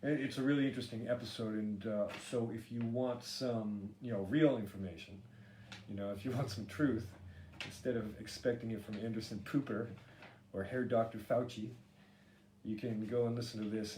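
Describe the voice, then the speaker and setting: A man's voice: medium pitch, warm tone. Rambling, sarcastic middle-aged man podcasting. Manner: rambling, sarcastic, swears freely. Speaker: podcast host. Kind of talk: solo podcast monologue. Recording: echoey room with faint ambient noise.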